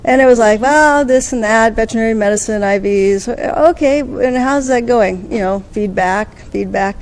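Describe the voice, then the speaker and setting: A woman giving a conference talk, telling a story and acting out the quoted dialogue with lively energy. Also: a little high, normal speed. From United States. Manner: animated, acts out quoted dialogue. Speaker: conference speaker.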